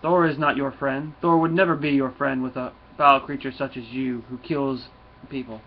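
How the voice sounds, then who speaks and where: A man's voice: mid-range voice, fairly even intonation, moderate pace, close to an everyday voice. A man doing a stern solemn thunder god. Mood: grim. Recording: dull lo-fi with faint noise.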